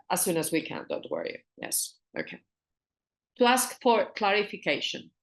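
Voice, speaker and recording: A woman with a Spanish accent leads an online business English lesson for learners. She repeats each phrase slowly and often switches to Spanish to explain it. Her pitch sits in an ordinary middle range. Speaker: English teacher.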